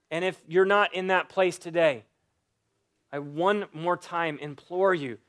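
A man's voice: a little high, unhurried, fairly bright tone. A male pastor preaching an Easter sermon and leading prayer, earnest and pleading, repeating phrases for emphasis.

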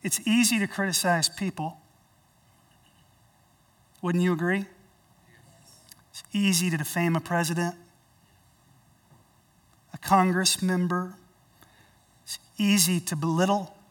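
A woman pastor preaching a sermon, telling the story with big swings between loud and quiet. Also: on the low side, fairly even intonation, slow pace, long pauses, recorded from a distance. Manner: storytelling with dramatic swings in volume.

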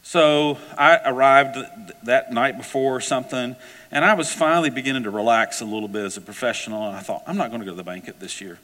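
Storytelling preacher in an echoey hall. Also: male voice, medium pitch, fast talker. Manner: storytelling, animated and conversational. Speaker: pastor. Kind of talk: sermon.

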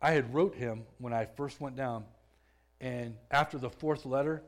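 A man giving a personal testimony in a conversational way, often restarting his words and growing louder as the story builds. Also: mid-range voice, unhurried. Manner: conversational, repeats and restarts words, swells louder when excited.

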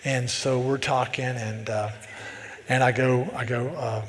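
A man's voice: medium pitch, fairly even intonation, a little slow. Man preaching in a reverberant hall. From American South. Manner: emphatic, repeats words when building a point. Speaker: pastor. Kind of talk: sermon.

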